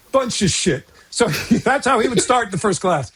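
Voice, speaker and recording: A man's voice: high-pitched, lively intonation, normal speed, few pauses, a bit bright, husky. An older man from the United States, chatting as a podcast guest in a self-deprecating, rambling way with frequent chuckles. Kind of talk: casual conversation.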